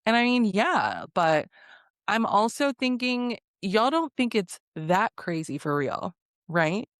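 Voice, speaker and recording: A woman's voice: mid-range voice, very animated, slow pace, dry recording, clean studio sound. A woman giving a casual reality TV recap, blunt, sassy and profane, often breaking into laughter. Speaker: recap vlogger.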